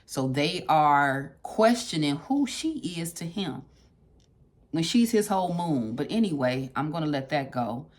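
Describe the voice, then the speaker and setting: Leading a casual book club, a woman talks conversationally, reads passages aloud, repeats phrases for emphasis, and puts questions straight to her listeners. Her voice is deep and sing-song, at a measured pace.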